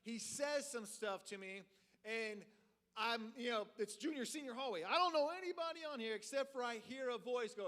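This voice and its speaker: A man tells a story from the pulpit, lively and loose, his sentences full of filler words. His voice sits high and sounds bright. The sound rings in a large, reverberant church hall. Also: moderate pace. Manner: animated, heavy use of filler words. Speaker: preacher. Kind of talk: storytelling sermon. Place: church sanctuary.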